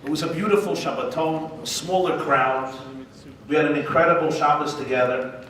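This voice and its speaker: A man, a rabbi, giving a humorous, animated speech at a gala dinner in a large banquet hall. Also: a little high, normal speed. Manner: joke-telling, animated. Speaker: guest speaker, rabbi. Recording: echoey banquet hall from far off, noisy.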